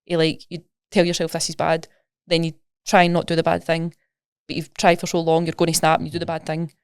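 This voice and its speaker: A woman's voice: deep voice, completely flat delivery, quick pace, clean tone, no room sound, clean studio sound. A woman with a Scottish accent, a coach talking casually and animatedly in a podcast interview, explaining with everyday examples. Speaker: nutrition coach, guest.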